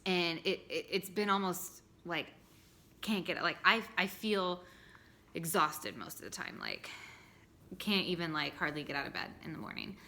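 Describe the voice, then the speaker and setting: A woman's voice: lowish voice, lively intonation, normal speed, vocal fry, pushed and bright. A young woman vlogging in casual chat, tired, chatty, laughing often and filling with lots of ums and likes.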